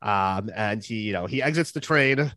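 A man's voice: lowish voice, animated, normal speed, sharp tone, no room sound. A man hosting a podcast, recapping an episode in a rambling, casual way with many fillers. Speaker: podcast host.

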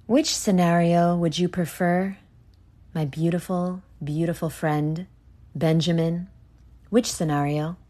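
A young woman hosting a solo podcast, ranting with heavy profanity and swinging between hushed asides and loud outbursts. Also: lowish voice, steady tone, slow pace. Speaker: podcast host.

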